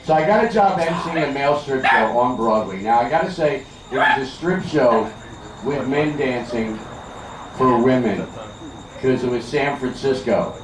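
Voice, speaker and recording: A man's voice: medium pitch, moderate pace. An older man works a backyard party crowd with chatty, teasing stand-up. He is from Philadelphia and tells stories. The sound is distant and echoey, with party noise all around. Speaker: stand-up comedian. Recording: echoey, distant, noisy outdoor party recording.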